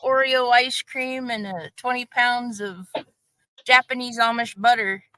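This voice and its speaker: A woman's voice: on the high side, fairly even intonation, a little slow, bright, forceful tone, no room sound, rough recording. A woman joking playfully in casual livestream chat.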